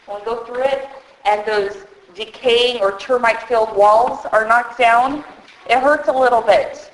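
At a women's conference, a woman preaches a sermon into a handheld microphone, addressing her audience directly with earnest emotion. Her pitch is fairly high, the hall is very echoey, and there's a little hiss or hum.

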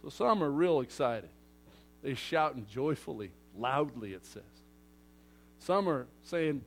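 A man preaching a sermon to his congregation in a lively way, acting out crowd voices and moving from loud outbursts to hushed asides. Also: mid-range voice, takes it slowly. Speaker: pastor.

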